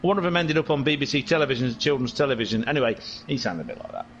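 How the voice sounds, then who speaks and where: A man's voice: medium pitch, expressive, rapid-fire, fairly bright tone, dull audio, slight background noise. A man commentating on a sim race stream in a casual way, rambling from joke to joke with plenty of swearing. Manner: rambling, joking and sweary banter.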